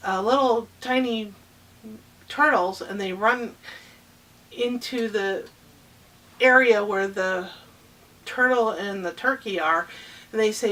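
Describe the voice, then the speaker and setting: A woman improvising a children's story, rambling and halting with many fillers and restarts. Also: mid-range voice, bright, forceful tone, distant mic.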